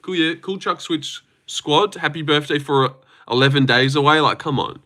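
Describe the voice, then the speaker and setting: A man's voice: on the high side, fairly even intonation, moderate pace, bright, forceful tone. A young man hosting a casual livestream, teasing his chat with self-mocking banter. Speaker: livestream host.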